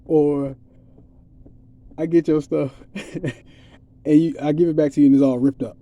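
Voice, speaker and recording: A man's voice: on the high side, little pitch movement, normal speed, mellow, muffled recording. A man giving a rambling, streetwise spiritual monologue in a casual, preachy way. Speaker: vlogger.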